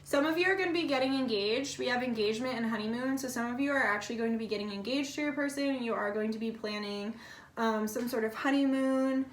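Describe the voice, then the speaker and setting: A woman's voice: fairly high pitch, fast, a little hiss or hum. Chatty woman reading tarot in an echoey room. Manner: chatty and blunt, swears freely, many fillers like "like". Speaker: tarot reader. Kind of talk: casual pick-a-card tarot reading. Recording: echoey room, voice a bit far from the mic.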